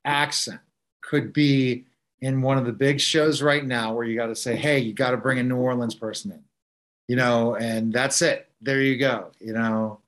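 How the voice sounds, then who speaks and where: A man's voice: mid-range voice, level tone, moderate pace, a bit bright. A man hosting an interview show, asking eager follow-up questions and adding short replies. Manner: eager, prompting questions, brief backchannel replies. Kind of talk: casual interview.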